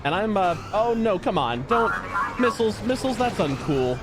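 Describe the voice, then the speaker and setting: A man's voice: high-pitched, very animated, normal speed. A man co-hosting a charity stream, giving upbeat, chatty, teasing commentary while playing a game. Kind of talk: live gameplay commentary. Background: game music.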